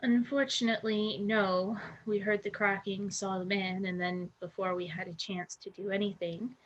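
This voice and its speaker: A woman's voice: medium pitch, little pitch movement, moderate pace, highs cut off. A woman playing a tabletop game, answering in character in a matter-of-fact way. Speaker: player. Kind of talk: tabletop role-play, in character.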